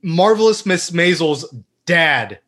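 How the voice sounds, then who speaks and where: Animated man ranting and swearing. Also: fairly high pitch, slow pace. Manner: heated, swearing rant. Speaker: podcast co-host. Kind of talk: casual chat.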